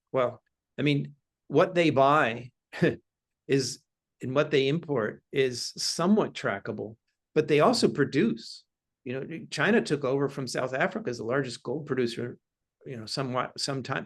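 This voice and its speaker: Cautious analytical man, mid-pitched voice. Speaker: market analyst guest. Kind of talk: interview conversation.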